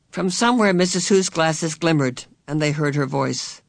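A man narrating a novel as an audiobook reader, in clear, even storytelling. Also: a little high, moderate pace, hardly any pauses, no room sound, clean studio sound. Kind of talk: scripted narration.

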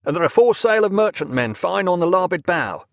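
An excited young midshipman, as a man reads him aloud. He talks breathlessly and gleefully, pitched high above the narrator's own voice. The sound is close and dry. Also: normal speed, breathy edge, no echo.

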